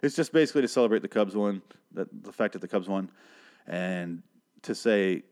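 A man's voice: fairly low pitch, lively intonation, a little fast, a little mellow. A man from Michigan hosting an unscripted solo podcast, rambling and swearing in an exasperated rant. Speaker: podcast host.

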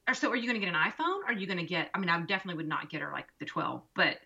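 A woman co-hosting a casual chat, telling a lively story and acting out each voice in it. Her voice sounds bright and forceful. The recording is muffled and lo-fi. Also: lowish voice, very fast, vocal fry. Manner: expressive, acts out quoted dialogue. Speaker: podcast co-host and mother. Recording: dull lo-fi recording.

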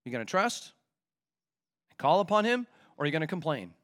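A male pastor preaching a sermon in an animated, conversational way, with vivid everyday examples. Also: fairly high pitch, fairly quick.

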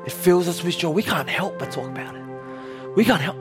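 A man's voice: high-pitched, brisk, music in the background. A young man preaching a sermon as casual storytelling, acting out quotes as he goes.

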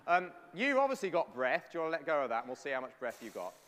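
A man's voice: on the high side, big pitch swings, rapid-fire, fairly bright tone. Man preaching in a reverberant church. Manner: playful, chatty, with the crowd. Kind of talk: lively sermon with congregation.

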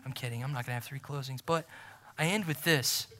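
Preaching as a pastor, this man talks fast in a mid-range voice. He is emphatic, repeats key phrases, and swings from loud delivery down to a near-whisper.

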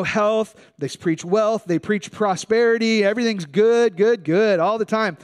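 A man preaching a sermon in an earnest, conversational way, often speaking straight to his listeners. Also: sits high. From Michigan. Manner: earnest, conversational preaching, addresses the congregation as guys. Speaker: pastor.

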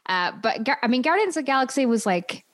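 A woman guest on a casual podcast, animated and laughing between remarks. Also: sits high, fast talker, no room sound. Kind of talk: casual chat.

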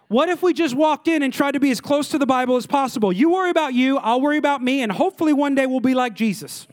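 A man's voice: extremely high pitch, quick pace, few pauses. A man in his thirties preaching a sermon as a pastor, emphatic, repeating key lines and asking the audience questions.

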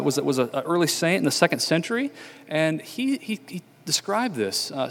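A man preaching a sermon as pastor, talking conversationally with frequent fillers and restarts. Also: mid-range voice. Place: church sanctuary. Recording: church hall reverb.

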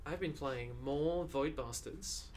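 A man's voice: fairly high pitch, slow, a little mellow, slight background noise. Playful man teasing his friends. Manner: playful, teasing, swears casually. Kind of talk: casual chat about games.

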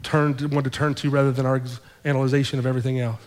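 A male pastor telling a story in his sermon, conversational and animated, repeating his phrases for effect. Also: medium pitch, rapid-fire, big-room sound. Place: church sanctuary.

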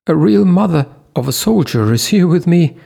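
A male narrator voicing a panicky man who squeals in a high, flustered voice. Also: animated, moderate pace, gravelly, warm tone, breathy edge, heavily acted. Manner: shrill, flustered, jokey.

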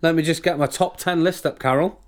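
A man's voice: on the high side, fairly even intonation, a little fast. A British man co-hosting a podcast in casual chat, ranting and often restarting his sentences. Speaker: podcast co-host.

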